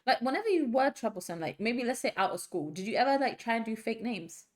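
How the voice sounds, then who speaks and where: A woman with a fairly high voice chats casually as a podcast co-host. She talks in quick asides and laughs often. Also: sing-song. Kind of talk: casual chat.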